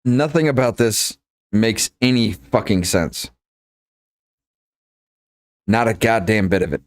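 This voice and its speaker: Man, podcast co-host, blunt, profane, very lively pitch, casual chat. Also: takes it slowly. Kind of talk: casual chat over a voice call.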